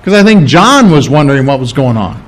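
A man's voice: fairly high pitch, sing-song, fairly quick. A pastor preaching a sermon, teaching conversationally, asking the congregation questions and restarting phrases as he thinks aloud. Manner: restarts and repeats words while thinking aloud.

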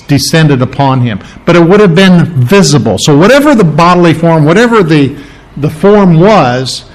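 A pastor preaching a sermon, teaching conversationally, asking the congregation questions and restarting phrases as he thinks aloud. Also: a little high. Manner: restarts and repeats words while thinking aloud.

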